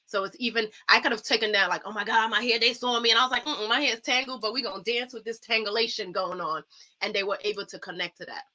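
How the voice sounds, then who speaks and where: Woman dancer guest, bright voice, earnest and uplifting. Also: a little high, fast. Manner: earnest, uplifting, animated storytelling. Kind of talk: casual talk show chat.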